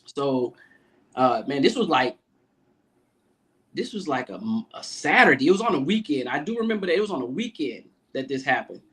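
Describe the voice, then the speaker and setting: Man telling a casual story, slightly high voice. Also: normal speed. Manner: animated storyteller acting out the people he quotes; loose, profane, talkative. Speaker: podcast guest, Navy command master chief.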